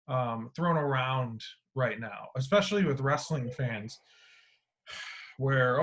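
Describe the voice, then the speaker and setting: A man hosting a casual podcast, talking in an animated way with free swearing, his voice swinging between loud and quiet. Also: mid-range voice, measured pace. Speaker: podcast host.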